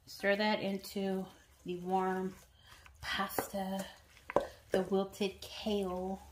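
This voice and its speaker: A woman's voice: medium pitch, monotone, very slow, background noise. A woman vlogger chatting casually to viewers while cooking in her home kitchen. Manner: chatty, talks straight to viewers.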